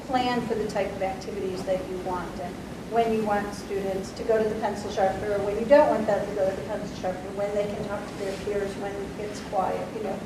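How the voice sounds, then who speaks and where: A woman's voice: mid-range voice, steady tone, a little fast. A woman in the audience answering a question, hesitant and full of fillers. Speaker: workshop participant. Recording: distant, echoey, noisy room mic.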